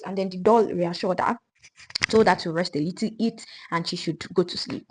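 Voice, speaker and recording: A woman retelling a folk tale in a lively, conversational way, with asides to the listener. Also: on the low side, normal speed, noisy background. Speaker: storyteller. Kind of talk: casual storytelling.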